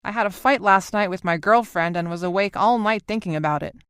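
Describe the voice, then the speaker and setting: A woman's voice: mid-range voice, brisk, a bit bright, clear, resonant tone, no echo, clean studio sound, lightly acted. A woman reading the lines of a young man who is tired and dryly joking, in an audiobook. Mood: wry. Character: young male traveler, tired and wry.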